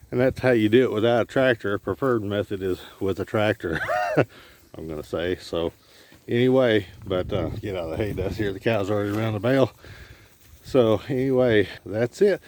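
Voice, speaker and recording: A middle-aged man casually narrating his farm chores outdoors, rambling with lots of fillers, recorded on a handheld camera. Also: mid-range voice. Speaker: homesteader vlogger. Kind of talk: casual vlog narration while doing chores. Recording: noisy outdoor camera audio. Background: animals and a vehicle.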